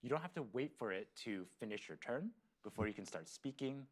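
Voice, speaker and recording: A man's voice: medium pitch, lively intonation, fairly quick. A man presenting a live product demo on stage, explaining features eagerly with fillers.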